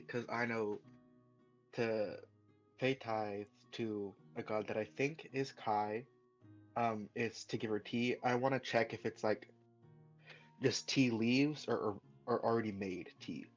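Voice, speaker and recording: A man's voice: mid-range voice, a little slow, soft background music. A man playing a tabletop game, talking in an unsure way with many fillers. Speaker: player. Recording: dull lo-fi sound.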